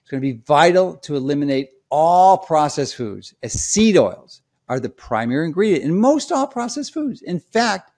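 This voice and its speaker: A man's voice: fairly high pitch, big pitch swings, normal speed, few pauses, a little mellow. A man speaking straight to his audience in an emphatic, lecturing way, repeating his key points. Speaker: health commentator. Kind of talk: direct-to-camera explainer.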